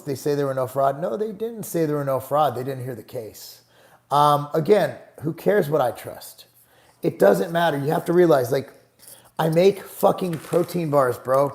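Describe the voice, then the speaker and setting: A man's voice: a little high, vocal fry, a little mellow. A middle-aged man hosting a casual live stream, reading chat questions aloud and answering them bluntly, swearing freely and getting exasperated. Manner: blunt, profane, gets heated and exasperated.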